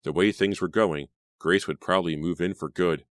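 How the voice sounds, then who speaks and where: A man narrating an audiobook in a steady storytelling manner. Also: sits low, moderate pace, no room sound, clean studio sound.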